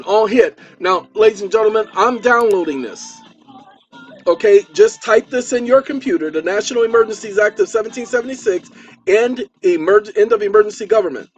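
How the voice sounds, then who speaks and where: High-voiced chatty man lecturing viewers. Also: lo-fi sound. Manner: chatty, repeats for emphasis, talks while typing. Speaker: channel host.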